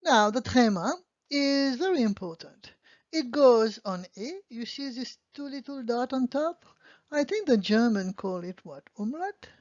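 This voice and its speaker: A woman's voice: fairly high pitch, expressive, measured pace, darkish tone, no room sound. A woman teaching a beginner language lesson, patiently explaining and often checking in with "okay?". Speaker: French teacher. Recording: dull lo-fi dry sound.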